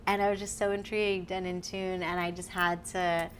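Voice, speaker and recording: Podcast guest, female, slightly low voice, animated and giggly storyteller, faint hiss behind. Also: normal speed. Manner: animated, laughs often, acts out quotes. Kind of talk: casual storytelling chat.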